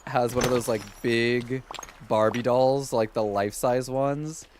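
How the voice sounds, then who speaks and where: A man's voice: mid-range voice, steady tone, unhurried, a little mellow, slight background noise. A man streaming a game and chatting with viewers, rambling casually with lots of "like". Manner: chatty, rambling, heavy use of "like"; talks to chat while playing. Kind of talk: casual gameplay commentary.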